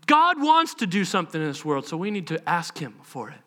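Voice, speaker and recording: A man's voice: fairly high pitch, very animated, a little fast, pushed and bright. A man preaching a live church sermon, earnest and impassioned, acting out prayers and the voices of other people. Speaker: pastor. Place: church service.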